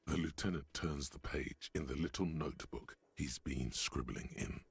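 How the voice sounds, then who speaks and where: An actor playing the game's omniscient narrator, speaking in slow, deliberate scripted narration. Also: male voice, rumbling low, expressive, vocal fry, slightly rough, no echo, exaggerated voice. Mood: grave. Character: deep, omniscient male game narrator.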